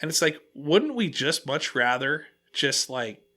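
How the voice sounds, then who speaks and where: Bright-voiced man telling stories on a podcast. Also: fairly high pitch, measured pace. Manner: animated storytelling with many restarts. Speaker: podcast host. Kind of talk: casual podcast chat.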